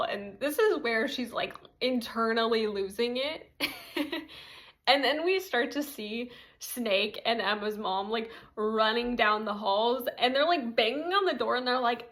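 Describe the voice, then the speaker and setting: A woman's voice: a little high, measured pace, fairly bright tone. A young woman giving a casual TV episode recap, chatty and full of "like" fillers with giggly asides. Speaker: TV recap commentator.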